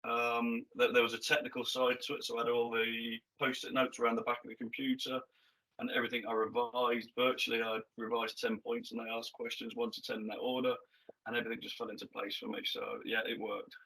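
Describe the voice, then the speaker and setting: A man speaks in a flat, steady tone. His voice is bright and forceful. He talks in a plain, matter-of-fact way about his job interviews. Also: medium pitch, fairly quick, rough recording. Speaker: ex-military panel guest. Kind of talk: casual career advice chat.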